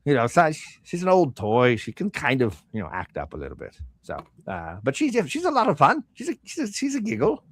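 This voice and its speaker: A man's voice: mid-range voice, huge pitch swings, brisk, few pauses, dry recording, voice pushed up. A man voicing a fussy, scatterbrained shopkeeper of magic goods who rambles through his sales patter in a raised voice. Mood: eager salesy.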